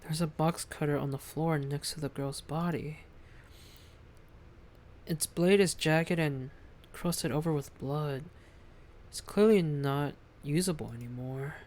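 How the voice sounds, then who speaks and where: At a medium pitch, a game streamer gives live commentary on his gameplay, reading on-screen text aloud and thinking out loud.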